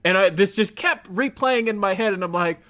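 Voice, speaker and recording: A man's voice: sits high, brisk. A man hosting a podcast, telling stories in a casual chat with lots of animation and laughter. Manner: animated storytelling with frequent laughter. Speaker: podcast host.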